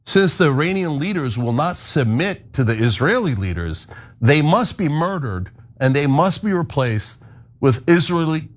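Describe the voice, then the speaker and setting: Fiery male host from the US, bright pitch and very animated, blunt and profane. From United States. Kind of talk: political commentary rant.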